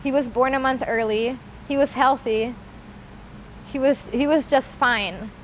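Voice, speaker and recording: A woman telling her personal story in an earnest, halting way, often pausing with casual fillers. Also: high-pitched, steady tone, a little hiss or hum, rough recording. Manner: earnest, halting, with many "like" and "you know" fillers. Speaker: interviewee sharing her story. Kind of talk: personal testimony.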